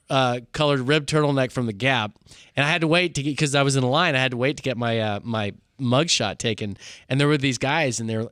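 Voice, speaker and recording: A man's voice: medium pitch, a bit bright, no echo, clean studio sound. A man casually telling a funny story on a podcast, acting out the people he quotes and laughing often. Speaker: podcast co-host, former pastor.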